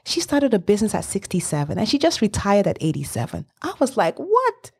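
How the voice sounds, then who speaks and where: Lively, expressive woman in her fifties. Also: mid-range voice, fast, husky. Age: 50s. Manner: enthusiastic, emphatic, laughs often. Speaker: life coach and author. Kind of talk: interview guest, motivational talk.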